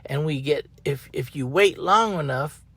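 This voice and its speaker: A man's voice: fairly high pitch, unhurried, gravelly, a bit bright, breathy edge, dry recording. A man hosting a podcast in a casual, folksy, rambling monologue, often repeating his phrases, talking from up in a tree outdoors. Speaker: podcast host.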